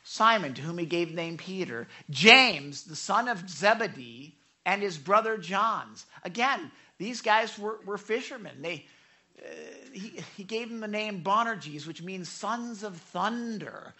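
A man's voice: high-pitched, measured pace. A male pastor preaching a sermon, telling stories with lots of repeated words and casual voiced paraphrases of the people in them. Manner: stammering, animated storytelling with voiced paraphrases. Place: church sanctuary.

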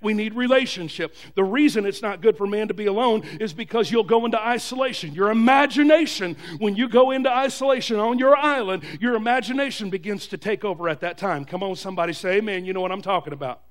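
A male pastor preaching a sermon, calling on the congregation for amens and rising to shouts. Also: high-pitched, quick pace, few pauses. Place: church.

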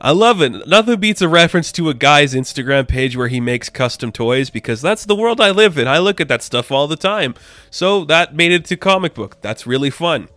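A man's voice: on the high side, animated, moderate pace, a bit bright, no room sound. A young man giving a casual comic book review, rambling and enthusiastic with lots of filler words.

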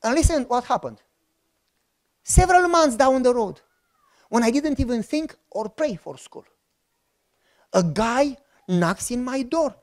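A middle-aged man with a Romanian accent preaches, spinning a story with an animated, joking delivery. He acts out both sides of the conversations he is recounting, keeping the sermon lively. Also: extremely high pitch, a little slow, pauses often. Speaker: pastor.

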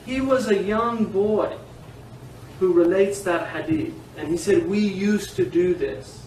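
High-voiced man teaching in an echoey room. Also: takes it slowly. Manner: animated, digressive, laughs often. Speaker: teacher of Islamic law. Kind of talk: informal classroom lecture. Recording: echoey room, distant mic, faint hiss.

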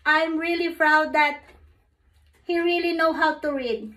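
A woman with a Filipino accent, a parent gently and patiently coaxing her child through a bedtime picture book. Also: high-pitched, unhurried. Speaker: parent reading a bedtime story. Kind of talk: bedtime story reading vlog. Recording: roomy home recording.

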